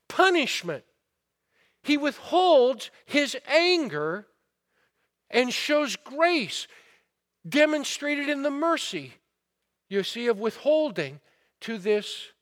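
A man delivers a sermon in a strikingly high voice. He speaks slowly and deliberately, pressing the listeners with rhetorical questions as he retells a parable with mounting fervor. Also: fairly bright tone. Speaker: pastor.

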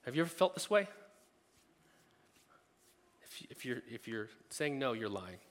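A man preaching a sermon, talking conversationally and rising to loud, emphatic peaks. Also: mid-range voice, very animated, normal speed, big-room sound. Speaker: pastor.

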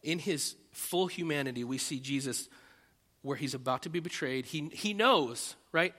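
Male pastor, sermon, fairly high and very bright voice, dramatic pleading bursts; echo of a big hall. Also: moderate pace. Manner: animated, acts out prayers with loud rising pleas, frequent restarts.

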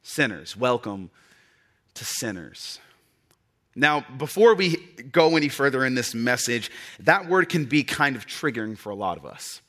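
A male pastor preaching in a loose, conversational way, telling a personal story with lots of fillers. His voice is bright and forceful, pitched at an ordinary male level. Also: normal speed. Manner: conversational and animated, with many fillers.

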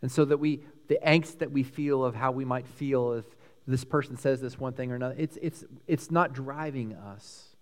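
A man with a Texan accent preaching a sermon, emphatic and animated, swinging between loud peaks and hushed lines. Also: mid-range voice, moderate pace, few pauses, long reverb tail. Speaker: pastor.

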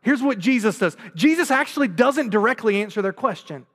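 High-voiced man preaching in a reverberant hall. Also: lively intonation, brisk, fairly bright tone. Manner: earnest preaching, rhetorical questions, voices quoted speech. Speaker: pastor. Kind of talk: sermon.

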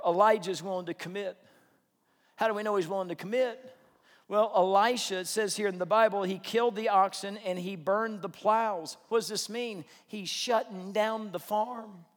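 A man preaching a sermon as a pastor, building to fervent calls and easing into a quiet prayer. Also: sits high, steady tone, moderate pace. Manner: impassioned preaching that drops to a soft prayer. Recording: echoey hall.

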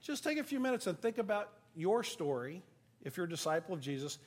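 A middle-aged male pastor gives a sermon in a relaxed, storytelling manner and pokes fun at himself. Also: high-pitched, fairly quick. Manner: conversational storytelling, self-deprecating, laughs at himself. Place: church sanctuary.

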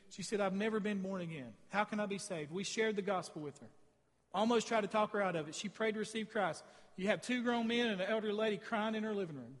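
A man preaching from the pulpit, his voice sitting fairly high for a man. He tells stories with animated emphasis, pushing some phrases loud and letting others drop quiet. The sound carries a long church reverb. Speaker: pastor. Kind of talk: sermon. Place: church sanctuary.

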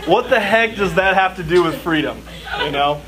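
A man's voice: high-pitched, lively intonation, moderate pace, a crowd in the background. A man from Southern California preaching to a live audience, telling a personal story in a chatty way with constant "like" and acted bits of his child self. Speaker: youth speaker. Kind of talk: storytelling sermon before an audience. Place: church gathering with live audience. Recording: audience noise in a hall.

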